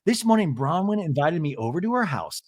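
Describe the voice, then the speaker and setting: A man putting on an excitable reality-TV woman, squealing in over-the-top exclamations. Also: a little high, fairly quick, no room sound. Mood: aggrieved venting. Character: gushing excitable reality-TV woman, shrieking in disbelief.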